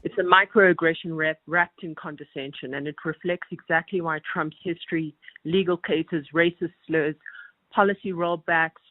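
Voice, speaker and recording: A woman's voice: deep voice, fairly even intonation, moderate pace, dry recording. A woman calling in to a radio show, making her argument in a firm, pointed way. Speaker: caller. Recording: tinny phone line.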